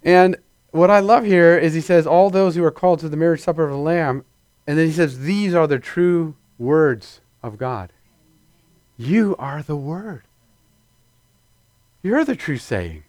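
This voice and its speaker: A man's voice: fairly high pitch, expressive, a little slow, long pauses, a little mellow, no room sound. A man preaching a sermon to a congregation in a conversational, playful way, acting out little scenes in put-on voices. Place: church before a congregation.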